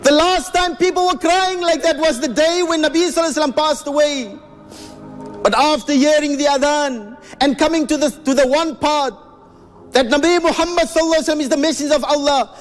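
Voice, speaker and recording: A man's voice: very high-pitched, a little fast, soft background music. A man narrating a religious story in an earnest, emotive, reverent way.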